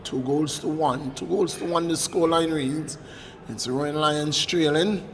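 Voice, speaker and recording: A man giving live football commentary, excitable and bantering, shouting when goals go in. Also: on the high side, measured pace, big-room sound, a little hiss or hum, poor audio. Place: stadium commentary position.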